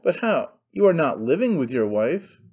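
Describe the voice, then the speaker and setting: A man's voice: a little high, sing-song, moderate pace, a little mellow, husky, lo-fi sound, full character voice. A man voicing a panicky, nervous man who stammers out fussy protests. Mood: flustered.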